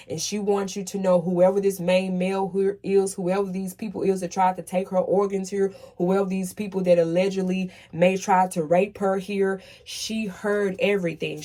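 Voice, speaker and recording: A woman's voice: fairly low pitch, darkish tone, slight background noise. A woman giving a casual tarot reading, talking emphatically and asking "okay?" after nearly every point. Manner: emphatic, repeats "okay?" often, swears when worked up. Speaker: tarot reader.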